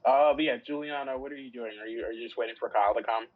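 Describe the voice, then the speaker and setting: A man's voice: mid-range voice, fairly even intonation, very fast. A man narrating a tabletop game as game master, rambling and restarting his sentences. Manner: rambling, repeats words, restarts a lot. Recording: dull lo-fi audio with faint music.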